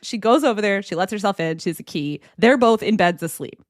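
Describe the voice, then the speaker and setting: A woman podcast host telling a gossip story in an animated way, acting out text messages and conversations. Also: medium pitch, a little fast, dry recording, studio quality.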